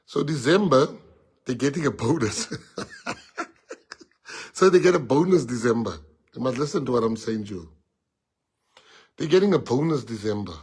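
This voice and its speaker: A South African politician telling an animated anecdote with laughter, sliding into Afrikaans. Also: male voice, mid-range voice, moderate pace, pauses often, slightly rough. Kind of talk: storytelling anecdote in conversation.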